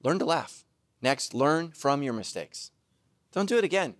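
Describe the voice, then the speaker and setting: A middle-aged man preaching a sermon, self-mocking and animated, now and then bursting into shouts. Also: a little high, a little slow, dry recording, studio quality. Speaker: pastor.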